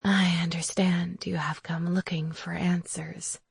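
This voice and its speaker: Lady narrator doing an ancient witch, low and slow, whispers everything, kinda creepy. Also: level tone, creaky, slightly rough, no echo, studio quality, full character voice. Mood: probing. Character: frail ancient witch crone, eerie, knowing. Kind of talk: audiobook character voice.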